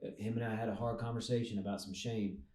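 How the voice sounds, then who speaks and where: A woman hosting a faith podcast, speaking in a supportive, reflective way and quick to affirm her guests. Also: rumbling low, steady tone, crowd noise. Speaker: podcast host.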